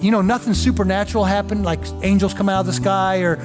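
High-voiced earnest male preacher. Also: fairly even intonation, quick pace, over music. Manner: earnest storytelling, emotional build-ups. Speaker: pastor. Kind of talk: sermon. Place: church.

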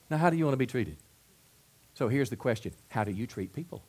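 A man's voice: medium pitch, lively intonation, fast talker, darkish tone. A man preaching a sermon as pastor, folksy and conversational, asking his listeners question after question and stumbling over repeated words when he gets going. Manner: asks the crowd many rhetorical questions.

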